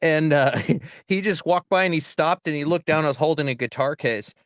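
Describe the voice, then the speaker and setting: A man from Texas, co-hosting a casual podcast chat, telling stories with lively acted-out quotes. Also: a little high, moderate pace, clean tone, dry recording, studio quality. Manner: animated storyteller, acts out quotes. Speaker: podcast co-host.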